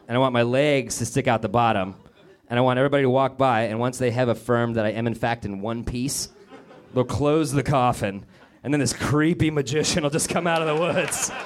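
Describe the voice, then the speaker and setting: A man doing a crude, self-deprecating stand-up set on a theater stage. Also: mid-range voice. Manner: crude, self-deprecating punchlines with acted-out voices. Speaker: stand-up comedian. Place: comedy theater stage before a laughing audience. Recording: live club recording, crowd laughter. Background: audience laughter.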